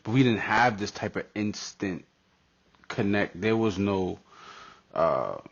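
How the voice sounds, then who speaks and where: Laid-back low-voiced man, dull lo-fi sound. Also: slow pace, gravelly. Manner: relaxed, reflective, drops into casual street talk. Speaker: podcast co-host. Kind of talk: casual podcast chat.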